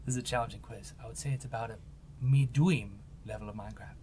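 A man's voice: medium pitch, steady tone, fast talker, darkish tone, slight background noise. A young man giving jokey, hyper commentary while playing a game. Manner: hyper, jokey, shifts into silly voices and yelps. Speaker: gaming commentator.

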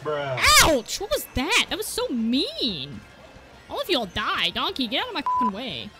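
A young woman giving excited gameplay commentary. She yelps, swears and laughs at herself as she plays. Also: high voice, unhurried, over loud music. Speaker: gaming video creator.

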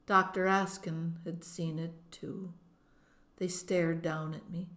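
A woman narrating a novel in first person as an audiobook, in a measured, expressive manner. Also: on the low side.

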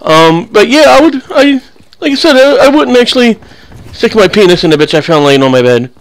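A man's voice: high voice, very animated, fairly quick. A young man giving casual, rambling commentary over his own gameplay, full of crude jokes and banter. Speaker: gaming channel host.

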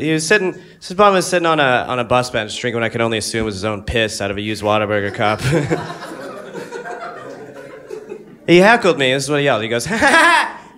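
A man performing a stand-up comedy set on a club stage, rambling and giggling at his own jokes, breaking into loud mock voices. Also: mid-range voice.

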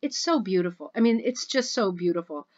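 A woman's voice: mid-range voice, lively intonation, brisk, dull audio. A woman hosting a rug hooking club video, chatting at home in a gushing, chatty way as she reads and reacts to posts. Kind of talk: casual chat reviewing social media posts.

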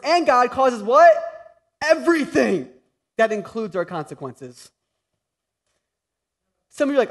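A young adult man preaching a sermon as pastor, animated, moving from loud exclaiming to a hushed tender tone. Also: very high voice.

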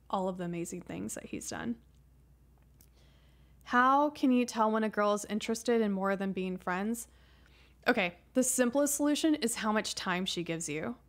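Woman in her 30s answering chat on a stream, soft and hesitant, lots of ums, mid-pitched voice. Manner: soft-spoken, hesitant, many ums and restarts. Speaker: guest answering chat questions. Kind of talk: casual livestream Q&A.

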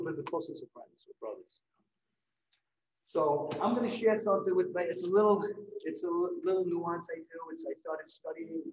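Animated man telling painting stories. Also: sits high, roomy sound, dull audio. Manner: animated anecdotes, acting out what others said. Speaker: decorative painter giving a demonstration. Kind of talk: storytelling during a live demonstration. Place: event hall.

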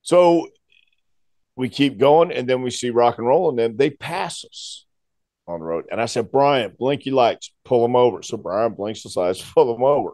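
A man's voice: medium pitch, normal speed, dry recording. Guy in his 60s telling a story, voice jumps up and down a lot, dry close sound. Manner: animated storyteller who acts out voices. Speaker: guest. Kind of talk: storytelling in a conversation.

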